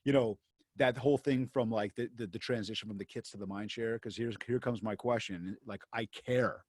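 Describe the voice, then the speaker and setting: A man's voice: on the low side, normal speed, no room sound, studio quality. A man giving a seminar talk to real estate agents. He tells a story in a chatty way, with many fillers and restarts, and he speaks straight to the audience. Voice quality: animated storyteller who acts out both sides of conversations. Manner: addresses the audience directly.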